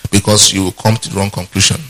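A man's voice: lowish voice, level tone, fast talker, pushed and bright, rough recording. A man preaching a sermon who keeps asking the congregation to finish his sentences, with humorous asides along the way. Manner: call-and-response questions to the congregation. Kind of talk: sermon teaching.

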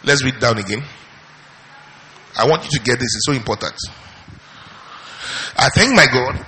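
Emphatic preacher in a reverberant hall. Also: male voice, mid-range voice, moderate pace, sharp tone, slight background noise. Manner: emphatic, repeats key phrases, asks and answers his own questions. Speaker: pastor. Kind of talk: sermon.

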